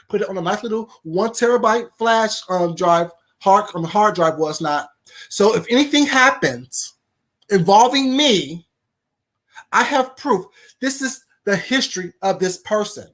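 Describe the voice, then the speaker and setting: A woman's voice: mid-range voice, expressive, measured pace. A woman hosting a live stream, indignantly firing rhetorical questions at her viewers and a caller. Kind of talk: heated live-stream rant.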